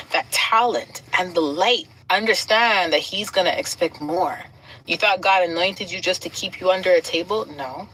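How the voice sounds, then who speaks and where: A woman's voice: fairly low pitch, a bit bright, a little hiss or hum, poor audio. A woman preaching emphatically to an audience, building her points in rhythmic repeated lists. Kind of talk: sermon-like encouragement to an audience.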